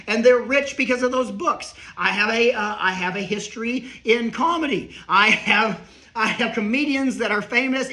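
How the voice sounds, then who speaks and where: A middle-aged man doing a rambling comedic monologue, riffing with quick asides. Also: sits high, bright, forceful tone. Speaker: comedian and speaker.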